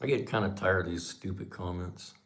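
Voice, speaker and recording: A man in his fifties with a fairly low voice hosts a casual livestream. He tells stories in a folksy, chatty way, often tossing in "man" and acting out the back-and-forth as he goes. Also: a little fast. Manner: folksy, chatty, drops in "man" and acts out quoted dialogue. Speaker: channel host on a livestream.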